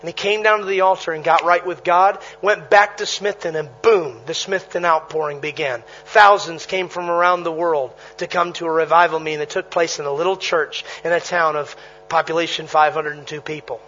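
A man preaching a sermon, telling stories with animated energy, punchy repetition and bursts of laughter. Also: a little high, brisk, lo-fi sound. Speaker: traveling preacher.

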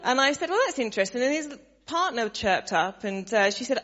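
A woman sharing a story with a church gathering, animated and laughing, acting out the voices of the people in it. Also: on the high side, fairly quick, few pauses. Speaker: church member sharing a testimony. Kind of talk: casual storytelling to a congregation. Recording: dull sound, long hall reverb.

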